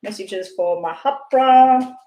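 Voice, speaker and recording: A woman doing a live tarot reading, talking fast and rambling off on side chats. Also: medium pitch, mellow. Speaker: tarot reader. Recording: echoey room.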